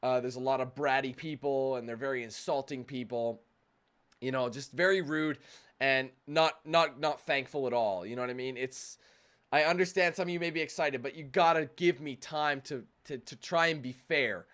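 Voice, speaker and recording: A man's voice: medium pitch, normal speed, fairly bright tone. A young man hosting a gaming channel, ranting casually to his viewers with many restarts, acting out their voices in exaggerated tones. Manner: rambling with many restarts and "you know what I mean". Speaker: YouTube gamer channel host. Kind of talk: casual rant to camera.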